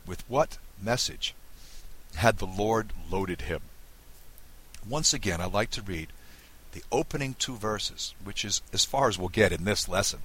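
A man from the Southern United States giving a recorded Bible lesson, explaining with lively emphasis. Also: on the low side, measured pace, breathy edge, rough recording. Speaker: Bible teacher.

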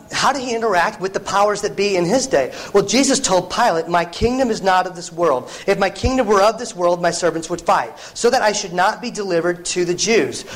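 A man's voice: sits high, rough recording. A man preaching a sermon in an earnest, conversational way, often restarting phrases and adding asides to the congregation.

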